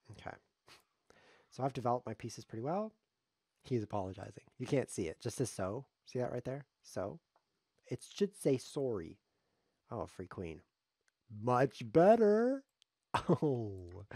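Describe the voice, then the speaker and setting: A man's voice: lowish voice, expressive, normal speed, gravelly, pauses often, a little mellow, husky, no echo, studio quality. A man streaming live chess, commenting on his games in a sarcastic, joking way as he plays. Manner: sarcastic, joking, talks to himself while playing.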